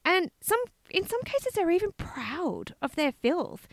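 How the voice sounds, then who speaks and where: A woman co-hosting a casual chat, telling stories in an animated way, swearing freely and laughing as she goes. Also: very high-pitched, a little slow, dry recording, clean studio sound. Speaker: podcast co-host.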